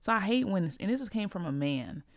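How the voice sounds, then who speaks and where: A woman's voice: medium pitch, expressive, normal speed, no echo, clean studio sound. A woman hosting a podcast, giving a blunt, profane and heated opinion monologue in a casual way. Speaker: podcast host.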